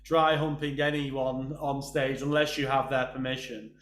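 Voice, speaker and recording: A man's voice: medium pitch, little pitch movement, unhurried, fairly bright tone. A man hosting a casual interview, chatty and jokey, going off on rambling asides. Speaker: podcast host. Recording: echoey room.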